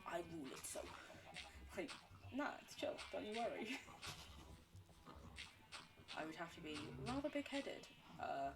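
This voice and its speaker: Livestreaming a game, a woman with a lowish, very animated voice talks a little slowly and leaves long pauses. She rambles with her viewers, answers chat between game talk, laughs often, and jokes about herself.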